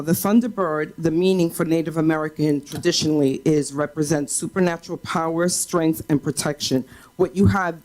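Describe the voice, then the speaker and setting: A woman's voice: deep voice, a little mellow. A woman speaking at a school board meeting's public comment, earnest and pointed, with frequent ums.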